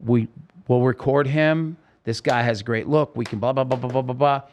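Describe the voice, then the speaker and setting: A middle-aged man telling a story as a podcast guest, lively and acting out the voices of the people he quotes. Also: medium pitch, moderate pace, muffled recording, slight background noise. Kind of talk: casual storytelling interview.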